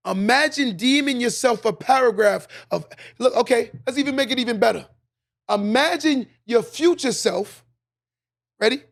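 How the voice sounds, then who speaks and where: Man, very high pitch, gravelly, emphatic motivational monologue. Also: moderate pace. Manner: preachy, emphatic, repeats lines for effect. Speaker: podcast host.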